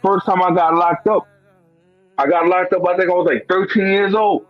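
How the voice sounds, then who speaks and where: In a high voice with little pitch movement and normal speed, a Brooklyn guest relates a personal story in a profane, laid-back street manner, full of "bro" and "you know what I'm saying." The audio has no echo and sounds dull.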